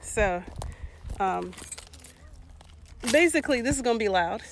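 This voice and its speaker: A woman's voice: fairly high pitch, expressive, measured pace. Chatty woman touring a garden outdoors. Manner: chatty, laughing, talks to viewers in comments. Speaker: vlogger. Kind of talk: casual livestream garden tour. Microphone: phone held by hand. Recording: noisy outdoor phone recording with hiss. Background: water hose spraying.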